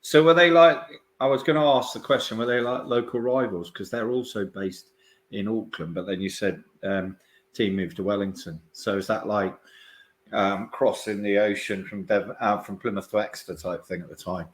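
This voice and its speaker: A man's voice: fairly low pitch, fairly even intonation, moderate pace. A man hosting a podcast, asking long, rambling questions full of restarts and fillers in a casual interview. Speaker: podcast host.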